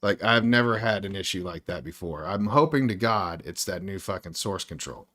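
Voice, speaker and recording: A man's voice: sits low, lively intonation, normal speed, fairly bright tone. Frustrated man ranting while he codes. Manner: frustrated ranting, heavy swearing. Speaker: indie game developer streaming his work. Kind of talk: casual livestream chat while working.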